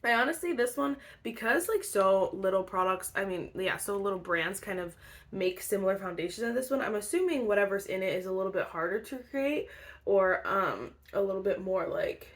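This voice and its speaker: A young woman talks through her makeup routine in a chatty, bubbly way, sprinkling in lots of "like" and "um." Her nose is a little blocked, so her voice has a stuffy, congested edge. Her pitch sits right in the middle for a woman. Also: expressive, a little fast, a bit bright. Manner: bubbly, chatty, filler-heavy with frequent laughs. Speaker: beauty vlogger. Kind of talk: casual chat.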